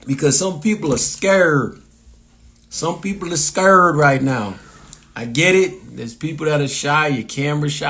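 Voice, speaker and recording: A man's voice: mid-range voice, animated, moderate pace, a bit bright. A man from Massachusetts with a local accent, a comedian hosting a casual live stream, rambling with lots of fillers and restarts as he reads viewer comments aloud.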